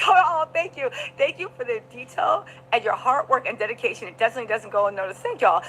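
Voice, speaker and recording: A woman livestreaming a trial recap, emphatic and animated, talking to her chat. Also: fairly high pitch, fast talker, few pauses, slight background noise, low-quality recording. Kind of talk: livestream commentary.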